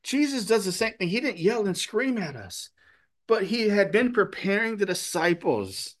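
A male pastor giving a sermon and telling a story in a relaxed, conversational way with many fillers. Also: high voice, normal speed.

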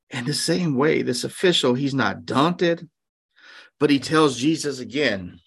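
A man's voice: mid-range voice, a little slow, a bit bright, slightly rough. A male pastor preaching a sermon in a conversational way, asking rhetorical questions and acting out quotes.

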